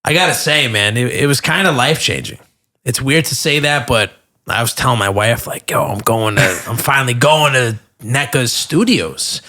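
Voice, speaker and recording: Bright-voiced, gushing podcast host. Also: male voice, mid-range voice, normal speed. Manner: enthusiastic, gushing reactions. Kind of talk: casual podcast interview.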